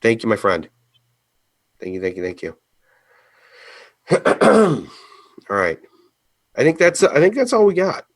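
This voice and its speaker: A man's voice: medium pitch, huge pitch swings, slow, long pauses, dry recording. A man hosting a casual live video chat over a call, laid-back and teasing, often chuckling. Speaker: host.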